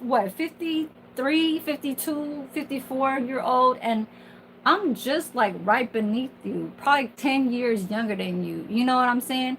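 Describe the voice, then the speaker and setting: A woman's voice: sits high, measured pace, fairly bright tone, a little hiss or hum, low-quality recording. Candid, profane woman in her forties. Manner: candid, profane, rambling with many fillers. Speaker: kitchen worker. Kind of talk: casual venting monologue.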